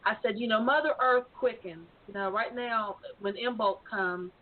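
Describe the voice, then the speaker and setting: Halting woman over a tinny line. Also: on the high side. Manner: halting, repeats words as she talks. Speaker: high priestess and pagan teacher. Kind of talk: casual podcast conversation.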